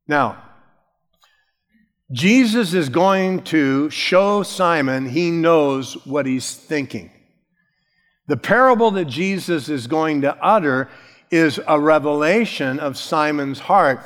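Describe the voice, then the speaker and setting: A man's voice: on the high side, expressive, takes it slowly, fairly bright tone. Man preaching in an echoing hall. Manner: conversational, storytelling with asides. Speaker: pastor. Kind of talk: sermon.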